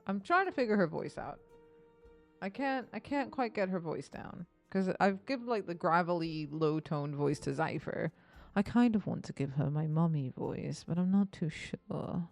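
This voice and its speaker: A woman streamer casually commenting on a game, relaxed and thinking aloud as she plays. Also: lowish voice, moderate pace, faint music behind.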